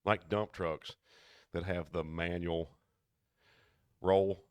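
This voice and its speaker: A man, fairly low-voiced, tells rambling work stories on a casual podcast. He is lively and acts out everyone he quotes. The sound is dry and close. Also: takes it slowly, smooth, dry recording. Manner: animated storyteller who acts out quoted people. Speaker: podcast co-host. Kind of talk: casual storytelling chat.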